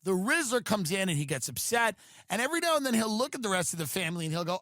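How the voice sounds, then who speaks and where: A man's voice: sits high, sing-song, quick pace, a bit bright, no room sound, clean studio sound. A man hosting a podcast, delivering a comedic monologue in a sardonic, ranting way with mocking asides. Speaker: podcast host.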